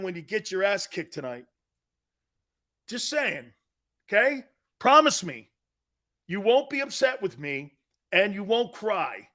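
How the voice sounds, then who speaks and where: A man hosting a sports talk stream, reading fan comments and trash-talking in loud, brash bursts. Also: high voice. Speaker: sports talk show host.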